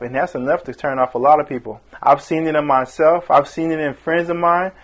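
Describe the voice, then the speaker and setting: A man's voice: fairly high pitch, moderate pace. A man preaching a sermon with passion, voice rising and falling for emphasis and briefly acting out the people he quotes.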